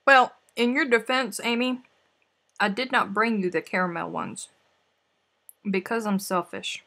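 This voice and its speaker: A woman's voice: medium pitch, a little slow, creaky, pushed and bright. A woman hosting a live stream, chatting playfully with viewers and answering their comments while she snacks. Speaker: crochet livestream host. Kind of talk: casual livestream chat with viewers.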